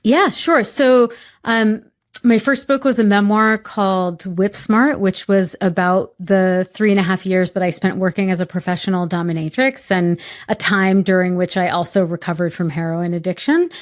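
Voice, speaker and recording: A woman's voice: medium pitch, fairly even intonation, moderate pace. A woman in her forties with a light Boston accent, an author talking casually on a podcast, laughing often and using many "like"s. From Massachusetts, USA. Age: 40s. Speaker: author guest. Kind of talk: podcast interview.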